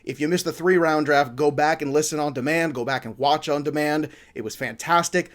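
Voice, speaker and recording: A man's voice: on the high side, a little fast. A man hosting a fantasy football talk show, joking and enthusiastic, with a rambling, playful manner. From Italian-American family. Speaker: podcast host. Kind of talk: upbeat sports talk.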